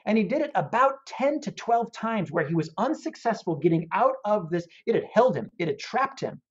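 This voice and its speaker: Earnest guy telling a story on an interview, really lively voice, muffled audio. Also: high voice, normal speed, breathy edge. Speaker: guest. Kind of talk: casual interview chat, storytelling. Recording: dull lo-fi audio.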